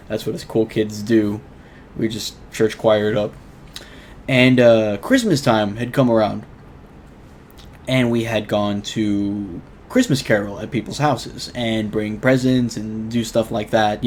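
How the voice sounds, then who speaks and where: A young man hosts his own casual storytelling vlog, recounting a personal story in an earnest, rambling way packed with fillers. His voice is fairly low with a darkish tone, and there's slight background noise.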